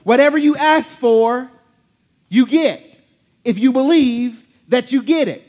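A man preaching a sermon to a congregation, telling the story animatedly and repeating key words with slow emphasis. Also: very high-pitched, darkish tone. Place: church in front of a congregation.

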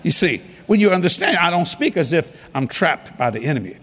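Lively husky preacher in a reverberant hall. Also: male voice, a little high, a little fast. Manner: animated, repeats key lines for emphasis. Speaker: preacher leading a ministry. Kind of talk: humorous storytelling sermon. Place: large hall with an audience. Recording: long reverb of a large hall.

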